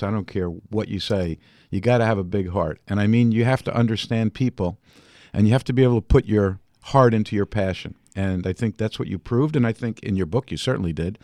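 A man with a fairly low voice hosts an interview and asks questions in a calm, measured way. The recording is dry and close to the mic. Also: dry recording. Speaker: interview host. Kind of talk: casual interview.

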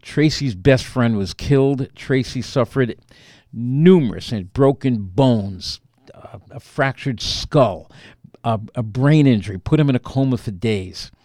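A man telling a personal story as an author being interviewed, animated and acting out the lines he quotes. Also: medium pitch, unhurried, dry recording, clean studio sound.

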